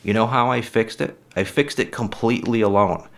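A man's voice: fairly low pitch, normal speed, gravelly. A middle-aged man telling personal stories in a casual, rambling, frank way, often saying "literally.". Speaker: storyteller.

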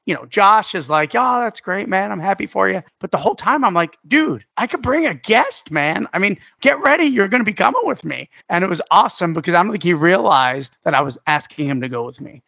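Male podcast host, slightly high voice, eager storyteller, dry close mic. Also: a bit bright, no room sound. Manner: enthusiastic, crude humor, recounts events. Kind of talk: casual chat.

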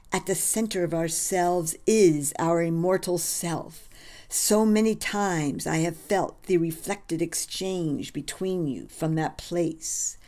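A woman's voice: lowish voice, dark tone. A woman voicing a grave army general who speaks earnestly to his men. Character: man, an army general addressing his boatmen, solemn.

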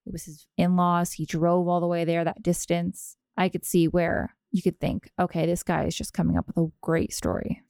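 A woman's voice: lowish voice, level tone, normal speed, creaky, few pauses, darkish tone, dry recording, studio quality. A woman co-hosting a podcast in casual chat, making her point emphatically and often talking over the others. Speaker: podcast co-host.

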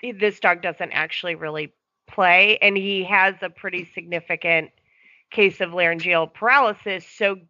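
A woman's voice: lowish voice, moderate pace, pushed and bright, dry recording. A woman dog owner calling in and explaining her dog's problems at length in casual chat. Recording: dry, dull lo-fi sound.

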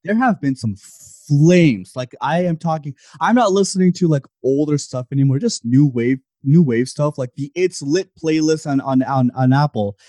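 A man co-hosting a podcast in casual chat, animated and jokey as he talks. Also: no echo, clean studio sound. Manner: animated and jokey, with quick swings in pitch. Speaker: podcast co-host.

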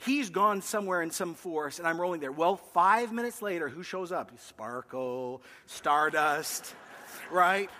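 A man preaching a sermon to a live congregation, telling a personal story in an animated way and acting out the voices of the people in it. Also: sits high. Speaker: pastor. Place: church hall with a live congregation. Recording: long hall reverb.

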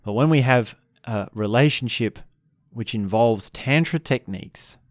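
A man calmly teaching about relationships in an unhurried, reflective way, sometimes acting out what couples say. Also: medium pitch, dry recording, clean studio sound. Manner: calm, unhurried, acts out quoted couples.

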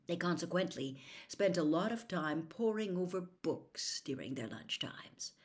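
A woman reads a children's novel aloud in an expressive storytelling voice. Her voice is low, yet her pitch moves a lot. She sometimes drops into a hushed whisper. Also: measured pace. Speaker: narrator. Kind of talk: audiobook narration.

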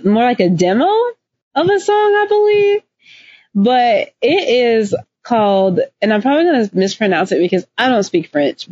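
A woman co-hosting a podcast, chatting casually in an animated, emphatic way. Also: on the high side, breathy edge, no room sound. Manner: animated, emphatic, laughs often. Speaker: podcast co-host. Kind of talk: casual chat. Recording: dull lo-fi dry recording.

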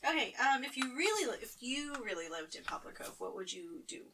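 Friendly, giggly female interviewer, slightly high voice, off-mic with noise. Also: sing-song, a little fast. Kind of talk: casual interview. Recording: distant mic with background noise.

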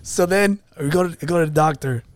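Man, podcast co-host, storytelling casually, fairly high voice, dry close mic. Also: fairly quick, dry recording. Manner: animated storyteller, acts out quotes.

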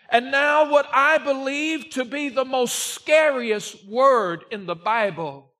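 High-voiced, slow, emphatic man preaching. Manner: slow, emphatic preaching that rises to shouts on key words; reads scripture aloud in old-fashioned wording. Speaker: pastor. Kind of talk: Sunday morning sermon.

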